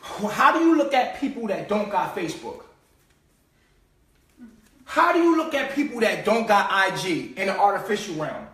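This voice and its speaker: High-voiced, profane man in an echoey room. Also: sing-song, moderate pace, long pauses. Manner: streetwise, profane, mocking, swings between low mutters and loud outbursts. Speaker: host. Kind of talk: casual live-stream monologue. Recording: echoey room, far from the mic.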